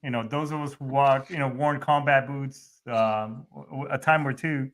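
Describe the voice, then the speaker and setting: A man's voice: medium pitch, steady tone, normal speed. A middle-aged man hosting a podcast in a casual chat, profane and rambling with many restarts. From Hispanic background. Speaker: podcast host.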